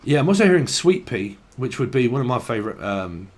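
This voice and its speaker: In a casual channelled tarot reading, a man rambles and free-associates, laughing frequently and cursing casually. His mid-range voice is very animated and brisk, a little mellow, with a breathy edge.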